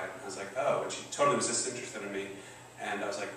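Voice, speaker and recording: A man's voice: on the low side, racing, sharp tone, slight background noise. Profane rambling man telling a story on stage. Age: 40s. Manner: profane, rambling, self-deprecating. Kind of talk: live stand-up storytelling. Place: stage in a comedy venue. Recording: roomy, distant live venue recording. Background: audience laughter.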